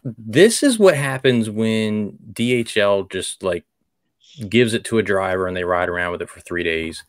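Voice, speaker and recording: A man co-hosting a podcast, chatting in an easygoing, chuckling way about his week. His voice sits a bit low. The sound is dry and close. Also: lively intonation, moderate pace, no echo. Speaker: podcast co-host. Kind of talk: casual chat.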